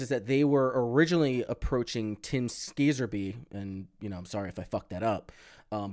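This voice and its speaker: A man co-hosting a podcast, talking in a loose, profane, animated way with plenty of fillers. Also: medium pitch. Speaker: podcast co-host. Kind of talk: casual chat.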